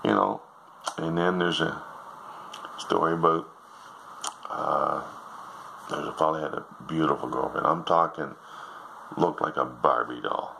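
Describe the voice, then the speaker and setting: A man's voice: very deep voice, a little slow, creaky, pauses often, sharp tone, slight background noise, rough recording. An older man telling jokes in a folksy, meandering way, drifting into asides as he goes. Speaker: joke teller. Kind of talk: rambling joke telling.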